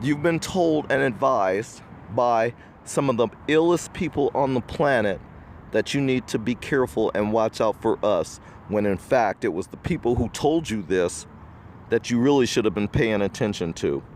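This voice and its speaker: A man's voice: medium pitch, expressive, normal speed, a little mellow, a little hiss or hum. An American man hosting a podcast, giving a preachy, indignant opinion monologue to the viewer. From United States. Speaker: podcast host.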